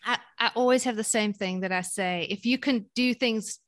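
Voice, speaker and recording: Woman, from South Africa, fairly high voice, podcast guest, animated storyteller, repeats words. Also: normal speed. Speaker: parenting guest. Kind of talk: casual podcast conversation.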